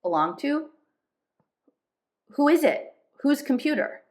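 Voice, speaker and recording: A woman's voice: high voice, big pitch swings, takes it slowly, a little mellow, pitched above the performer's own voice, exaggerated voice. Woman reading a timid, anxious boy. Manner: hesitant, nervous.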